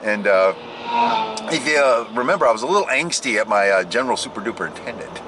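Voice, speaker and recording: A man's voice: medium pitch, lively intonation, fast talker, noisy background. An American man hosting a casual driving vlog on his way home from work, rambling and joking and laughing at his own jokes. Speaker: vlog host. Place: car on the road.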